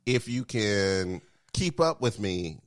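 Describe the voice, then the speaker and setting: A man co-hosting a podcast in casual chat on a studio mic, filling in with steady "mm-hmm"s. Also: lowish voice, slow, dry recording. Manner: constant "mm-hmm" backchannel, chatty. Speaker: podcast co-host. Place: small home studio. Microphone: studio microphone.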